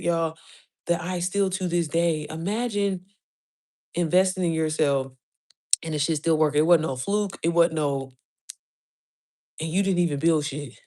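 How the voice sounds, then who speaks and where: A woman giving a casual, profane motivational rant to her followers, blunt and preachy, firing off emphatic rhetorical questions and breaking into quick laughs between points. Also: medium pitch, a little mellow. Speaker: online business coach.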